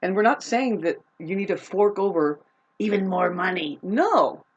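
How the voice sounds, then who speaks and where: A woman delivers an unscripted rant to camera, cursing freely and rambling between jabs. Her voice sits in a middle range, jumping to loud outbursts and then dropping to a low mutter. The recording sounds dull and lo-fi. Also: expressive, moderate pace, husky. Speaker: vlogger.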